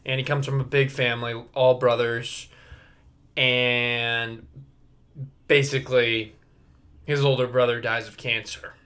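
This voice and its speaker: A young man chatting on his solo podcast, loose and rambling, dropping curse words as he goes. His voice sits at a middle pitch for a man, and he keeps it easygoing and unscripted. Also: little pitch movement, unhurried, pauses often, fairly bright tone. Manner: rambling, profane, laughs at his own stories. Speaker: podcast host. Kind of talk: casual solo podcast chat.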